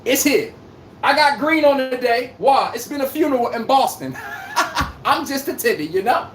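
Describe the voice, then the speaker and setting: A woman's voice: high-pitched, expressive, normal speed, roomy sound, slight background noise. A woman hosting a casual sports livestream, ranting, trash-talking and reading out chat comments. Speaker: livestream host.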